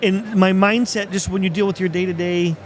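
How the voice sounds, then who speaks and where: A man's voice: sits high, fairly even intonation, a little fast. A man hosting a podcast in casual chat, reflective and affirming with his guest. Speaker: podcast host.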